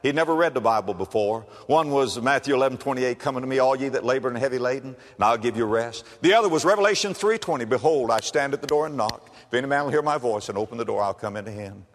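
A male pastor preaching a sermon in a church, telling a story with swings from hushed prayer to shouted climaxes. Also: medium pitch, quick pace, hardly any pauses. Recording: long hall reverb.

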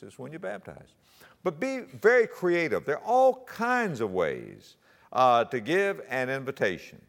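Lively-voiced preacher in a reverberant hall. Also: male voice, low voice, vocal fry. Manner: earnest, exhorting, rises to emphatic peaks. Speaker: pastor. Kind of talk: teaching sermon.

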